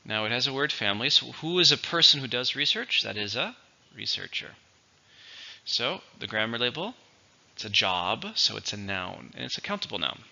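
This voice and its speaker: A man teaching English vocabulary, speaking slowly and deliberately and repeating each word for pronunciation. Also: mid-range voice, big pitch swings, creaky, bright, forceful tone, dull audio. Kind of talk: vocabulary lesson with dictation.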